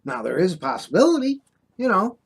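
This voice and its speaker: A man's voice: sits high, very animated, a little fast, creaky, breathy edge. Older man ranting with scornful passion. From United States. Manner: impassioned, scolding, sarcastic rant with drawled asides. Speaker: vlogger. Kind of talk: ranting monologue.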